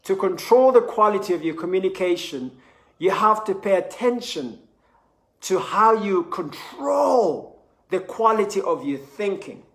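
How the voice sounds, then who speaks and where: A man giving an energetic motivational talk, often repeating words and acting out cheerful quoted voices. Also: sits high, measured pace, reverberant. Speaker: motivational speaker.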